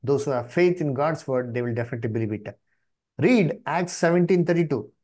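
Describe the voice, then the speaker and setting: A man's voice: on the high side, animated, brisk, darkish tone. A man preaching a Bible study sermon, who keeps asking the congregation questions, repeats their answers and calls on people by name to read.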